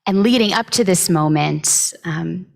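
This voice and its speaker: Woman with a low, gravelly voice giving a sermon. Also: darkish tone. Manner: reflective, unhurried, with frequent pauses and filler words. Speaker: clergy giving the weekly Torah talk. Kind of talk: conversational sermon.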